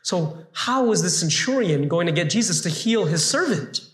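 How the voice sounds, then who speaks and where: A man teaches a scripted Bible lesson in an animated style and keeps asking rhetorical questions. His voice is fairly high. The recording sounds roomy and echoey. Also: normal speed.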